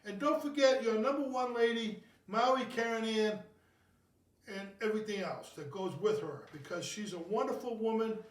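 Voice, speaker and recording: A man's voice: high-pitched, normal speed, recorded from a distance. A man hosting a casual home cocktail video, rambling and joking about himself as he mixes a drink. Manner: jokey, rambling, self-mocking. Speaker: cocktail show host. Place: home kitchen. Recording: roomy, from off the mic.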